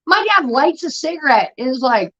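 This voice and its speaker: A young woman telling rambling, profane stories in casual chat, getting animated as she retells them. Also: high voice, normal speed. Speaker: show host. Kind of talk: casual storytelling rant. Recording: dull lo-fi stream audio.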